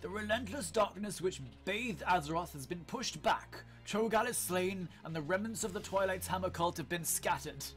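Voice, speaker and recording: A man's voice: high-pitched, moderate pace, few pauses, fairly bright tone, soft background music, voice pushed up. A man voicing a solemn human male warlock, reading out a grave account in a slightly raised, declaiming tone.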